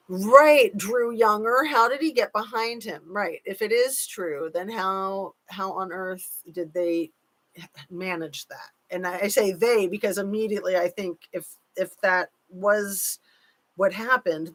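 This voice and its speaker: A woman hosting a casual live chat, reading viewer comments aloud and hedging her points with care. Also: mid-range voice. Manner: chatty, reads comments aloud, cautious with hedging.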